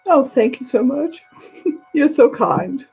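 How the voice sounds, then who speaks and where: A woman's voice: high voice, animated, takes it slowly, creaky, darkish tone, slightly rough, lo-fi sound, heavily acted. An older woman doing a gushing posh English queen. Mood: gracious. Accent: put-on upper-class English. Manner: gushing, genteel, greets viewers as darling. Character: elderly posh British queen, gracious and gushing. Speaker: livestream host. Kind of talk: live chat in character, greeting viewers. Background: faint background music.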